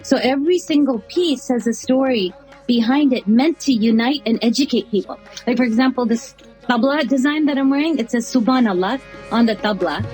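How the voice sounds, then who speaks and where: A woman guest in an interview, telling stories in a lively, animated way with frequent laughter and acted-out dialogue, with an American accent. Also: on the high side, brisk, soft background music, poor audio. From United States. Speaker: interview guest, artist and chaplain. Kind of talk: animated storytelling in conversation.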